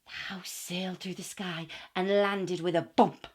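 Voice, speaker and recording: A woman reading a children's story aloud in an expressive, animated way. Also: on the low side, unhurried, breathy edge.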